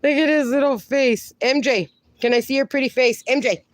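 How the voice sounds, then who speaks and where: A woman's voice: high voice, normal speed, heavy background noise. A woman hosting a casual phone livestream outdoors with her dogs, greeting viewers and cooing at the dogs in baby talk. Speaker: livestream host.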